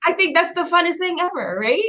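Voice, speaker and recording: A woman host chatting casually on a video call, bubbly and animated, laughing often as she tells stories. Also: very high-pitched, brisk, slight background noise. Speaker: podcast host.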